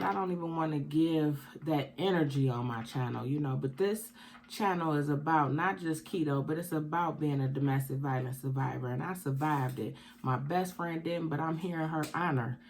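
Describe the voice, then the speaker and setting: A woman's voice: low-pitched, a little mellow, a little hiss or hum. A woman vlogging tearfully, speaking with emphatic, preaching repetition. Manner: emphatic, repeats points like preaching. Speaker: keto mukbang vlogger. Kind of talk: emotional personal vlog confession.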